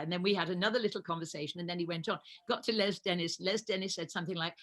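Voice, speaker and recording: A woman's voice: fairly low pitch, fairly even intonation, racing, hardly any pauses, a bit bright. A woman in her seventies, a guest actress telling stories in a chatty, laughing way on a talk show. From England. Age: 70s. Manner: chatty storytelling, laughs often. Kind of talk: casual chat.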